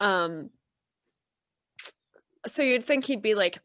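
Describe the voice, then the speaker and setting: A woman's voice: medium pitch, animated, slow pace, fairly bright tone. A woman co-hosting a movie podcast, chatting casually with wry, dry sarcastic asides. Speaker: podcast co-host. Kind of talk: casual movie review chat.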